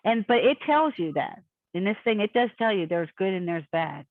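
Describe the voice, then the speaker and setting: A woman telling a long personal story in casual conversation, animated and acting out the voices of the people in it, heard over a video call. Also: mid-range voice, moderate pace, dry recording. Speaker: guest. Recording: tinny phone-like call audio, dry.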